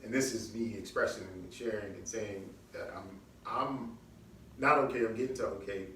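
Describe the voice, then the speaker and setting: A man's voice: on the low side, normal speed, a bit bright. A man hosting a podcast in casual chat, speaking earnestly and reflectively, often restarting his sentences. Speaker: podcast host. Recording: echoey room, distant mic, faint background hum.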